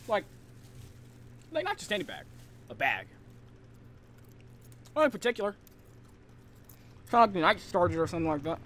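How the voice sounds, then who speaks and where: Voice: mid-range voice, pushed and bright. A gamer doing let's play commentary on a horror game, panicky, repeating phrases and yelping at the screen.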